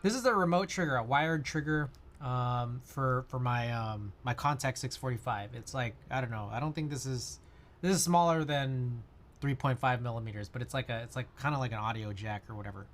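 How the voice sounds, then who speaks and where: A man's voice: mid-range voice, brisk. Rambling man on a casual livestream. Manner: rambling, many fillers, reads chat aloud.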